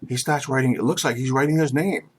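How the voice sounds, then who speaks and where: A man's voice: medium pitch, quick pace, a little hiss or hum. A man running a tabletop game as game master, laid-back, swearing casually and laughing often.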